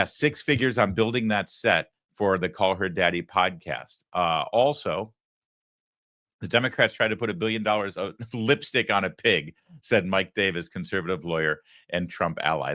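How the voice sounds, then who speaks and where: Sarcastic lower-voiced male commentary host. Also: fairly bright tone. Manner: sarcastic, mocking asides. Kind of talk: political commentary monologue.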